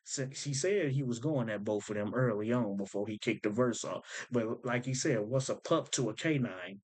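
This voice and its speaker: A man's voice: medium pitch, normal speed. A man hosting a rap breakdown, explaining wordplay in casual commentary and repeating lines to unpack them.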